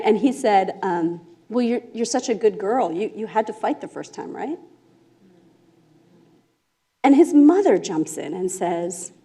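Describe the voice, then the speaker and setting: A woman speaking at a conference, telling a case story in an animated way, laughing often and checking in with "right?". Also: a little high, breathy edge. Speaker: conference speaker, restorative justice facilitator. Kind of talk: storytelling talk to a conference audience. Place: conference room.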